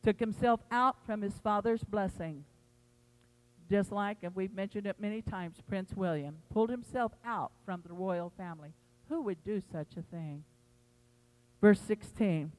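A woman pastor preaching a sermon, telling the story with animated quoted voices. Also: mid-range voice, normal speed, in a large hall, poor audio.

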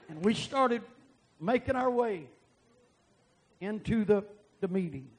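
A man preaching a sermon and telling a testimony, animated and bursting into loud emphasis. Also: high voice, unhurried, long pauses, poor audio.

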